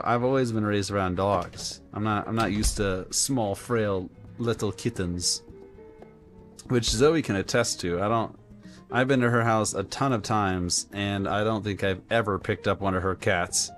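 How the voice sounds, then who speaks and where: A man live-streaming a game, telling a rambling story in an animated, casual way with lots of filler words. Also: medium pitch. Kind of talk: live-stream gameplay chat.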